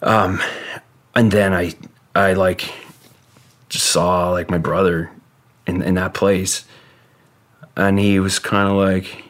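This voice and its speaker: Deep-voiced man telling a rambling story. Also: little pitch movement, a bit bright. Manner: rambling, halting, heavy with "like" and swearing. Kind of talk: casual storytelling.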